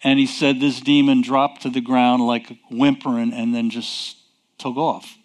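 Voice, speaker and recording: Man, preacher, sermon, very slow delivery, emphatic, rhetorical questions. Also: mid-range voice, level tone.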